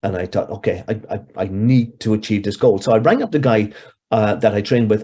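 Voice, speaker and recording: Brief: Irish man, 60s, warm husky voice, rambling interview storyteller. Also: on the low side, animated, fairly quick. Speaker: hypnotherapist guest.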